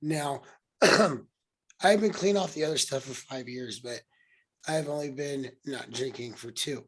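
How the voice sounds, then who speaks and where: A young adult man hosting a podcast, telling a story in casual conversation and acting out quotes with sudden jumps in pitch and volume. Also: slow pace. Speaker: podcast host.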